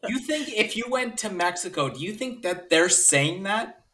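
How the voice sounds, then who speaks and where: A man's voice: sits high, expressive, moderate pace, sharp tone, a little hiss or hum. A man co-hosting a podcast in casual chat, ranting in exasperation and swearing freely. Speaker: podcast co-host.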